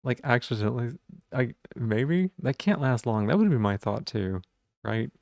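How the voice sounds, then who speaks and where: A man's voice: medium pitch, expressive, moderate pace, gravelly, a little mellow, no room sound, studio quality. A man streaming live, chatting casually and playfully while he repeats silly puns and rambles.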